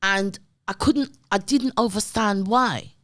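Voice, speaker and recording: A middle-aged woman, a guest, telling stories in an emphatic, animated way and often checking in with her listener. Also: mid-range voice, slow pace, dry recording, studio quality. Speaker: guest, community development worker. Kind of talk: conversational storytelling.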